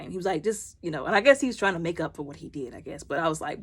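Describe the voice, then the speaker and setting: A young woman recapping a TV episode in a casual vlog, retelling scenes with lots of "he was like" and quick voice shifts for each character. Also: fairly low pitch, expressive, breathy edge. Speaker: show recapper.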